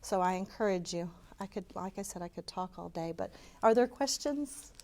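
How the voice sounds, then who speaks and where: A lowish, slightly mellow female voice moves at a moderate pace with animated delivery. She gives an earnest community talk to a live audience, speaking openly with passion and fielding their questions.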